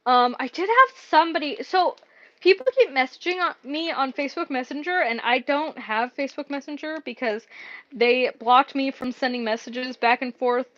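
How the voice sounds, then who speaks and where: Chatty high-voiced woman streaming crafts. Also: moderate pace, a bit bright, dull audio. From Mexico. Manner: chatty, rambling, many fillers. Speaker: craft shop owner streaming. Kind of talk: casual live-stream chat while working.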